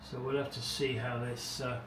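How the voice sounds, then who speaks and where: A man's voice: mid-range voice, level tone, normal speed. A middle-aged man narrating his car restoration work in a casual, wry, rambling way with muttered asides, recorded in his home garage. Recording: echoey garage, distant mic, background noise.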